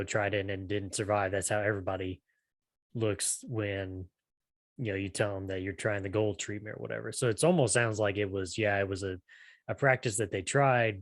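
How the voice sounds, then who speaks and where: Low-voiced guy rambling on a podcast, lots of restarts, dry close mic. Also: fairly even intonation, moderate pace, dry recording. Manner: rambling, restarts often, says "you know". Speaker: podcast co-host. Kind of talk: casual chat.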